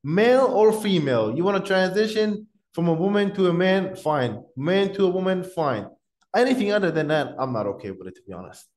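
A man's voice: high-pitched, very animated, a little fast, darkish tone. Blunt, swearing male podcast host. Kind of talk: casual podcast conversation.

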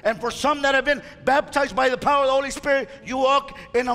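A male pastor preaching a fiery sermon to his church, whose impassioned delivery rises to shouts. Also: very high voice, steady tone, fast talker, vocal fry, hardly any pauses. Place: church sanctuary. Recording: reverberant church hall with faint music.

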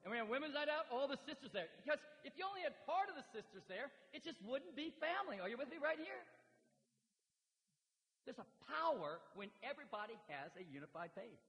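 A man in his fifties preaching a sermon, swinging from shouted high points down to low, quiet stretches. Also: very animated, a little fast. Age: 50s. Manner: dramatic preaching, shouting at climaxes then dropping low. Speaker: pastor. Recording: echoey hall with faint hiss.

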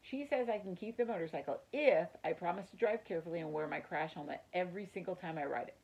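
A woman voicing a small, eager male mouse in a children's storybook, talking with quick excitement. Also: on the low side, gravelly, dull audio.

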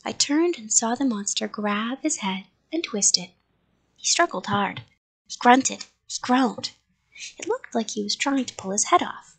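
Breathy, slow woman reading a spooky storybook. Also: fairly high pitch, animated, poor audio. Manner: hushed, slipping into whispers; chats with listeners between parts.

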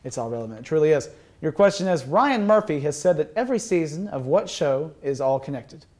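A man's voice: fairly high pitch, animated, a little fast, a little mellow. A young man hosts a casual student game show. His delivery is playful and loose, with frequent laughter between the questions. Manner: playful, jokey, laughs often.

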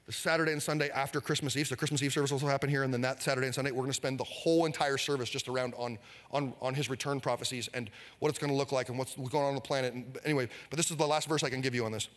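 A male pastor preaching an energetic sermon, leading the congregation in call-and-response. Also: mid-range voice, racing, long reverb tail. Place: church sanctuary.

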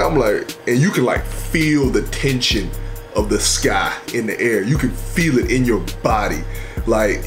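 A young man telling a funny story in a profane, animated, slangy way. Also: medium pitch. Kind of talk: comedic storytelling.

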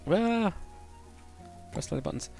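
A man's voice: high-pitched, expressive, slow pace, creaky, darkish tone, faint music behind. A man casually chatting on a game livestream, thinking aloud while building and answering chat. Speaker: game streamer.

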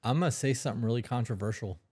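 Casting note: man podcast co-host, mid-pitched voice, blunt and profane, casual. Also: very fast, darkish tone, slightly rough. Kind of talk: casual chat.

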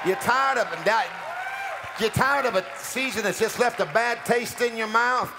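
High, gravelly preacher. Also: male voice, measured pace, noisy background. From United States. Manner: calls out declarations for the crowd to repeat, rising to shouts. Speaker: pastor. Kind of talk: sermon. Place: church sanctuary. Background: music playing under the preaching.

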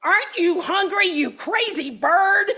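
A woman's voice: very high-pitched, lively intonation, slow, a bit bright, voice pushed up, heavily acted. A woman voicing a grumpy, threatening male village mayor in a read-aloud children's story, snapping and exasperated. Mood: menacing.

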